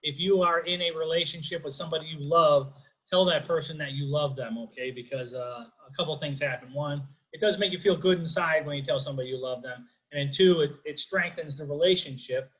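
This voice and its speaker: A middle-aged man with a Chicago accent works through a stand-up set on a video call. His voice sits a touch high and sounds bright and ringing. He rambles in a chatty, self-deprecating way, padding his jokes with fillers. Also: a little fast, low-quality recording. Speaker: stand-up comedian.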